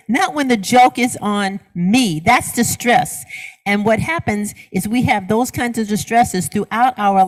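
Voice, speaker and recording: Woman minister, middle-aged, mid-pitched voice, sermon delivery, asks questions and answers them, repeats words for emphasis.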